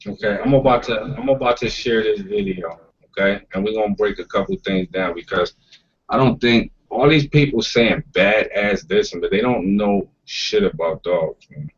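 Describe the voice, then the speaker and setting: A man's voice: on the low side, moderate pace, breathy edge. Blunt, swearing man on dull audio. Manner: blunt, emphatic, swears freely. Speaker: podcast host. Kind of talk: casual roundtable talk.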